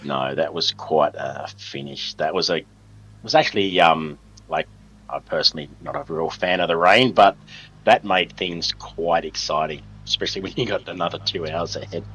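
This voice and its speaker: A man co-commentating a sim race live, chatting through the action in a relaxed way. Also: low voice, normal speed, husky, highs cut off. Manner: relaxed, chatty analysis with fillers. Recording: loud race car noise behind. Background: race car engine noise.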